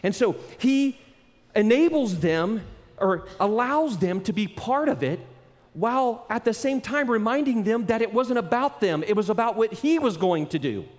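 Man, pastor preaching, animated, acts out voices, laughs often, fairly high voice, long hall reverb. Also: normal speed. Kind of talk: sermon.

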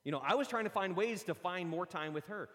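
A man preaching a sermon, telling lively personal stories and acting them out. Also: sits high, fairly quick. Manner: animated storytelling, acts out his own stories. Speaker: pastor. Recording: long hall reverb.

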